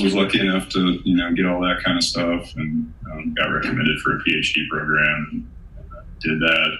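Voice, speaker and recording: A middle-aged man, an Air Force colonel and author, talking calmly in a deep, monotone, professorial voice during an interview. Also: echoey room, low-quality recording. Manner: calm, unhurried, self-described monotone professor voice. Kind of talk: casual interview talk.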